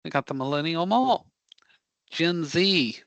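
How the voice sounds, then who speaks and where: A man teaching a live career prep class, animated and joking as he quizzes the students. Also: on the high side, a little slow, creaky, no echo. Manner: animated, joking, audience-engaging.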